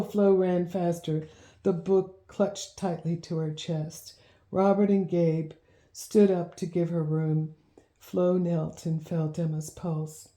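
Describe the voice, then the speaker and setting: A woman narrating a children's storybook in a measured, gently expressive reading. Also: on the low side. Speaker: audiobook narrator. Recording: roomy echo.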